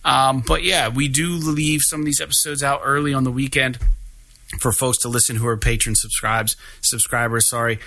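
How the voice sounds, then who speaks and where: A man's voice: medium pitch, fairly even intonation, moderate pace, creaky, sharp tone. A man hosting a casual podcast, retelling a cartoon episode in a loose, profane, laughing way. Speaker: podcast host.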